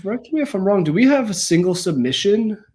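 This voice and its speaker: A young adult man co-hosting a casual MMA podcast, talking in a relaxed, conversational way that trails off softly. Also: sits high, brisk.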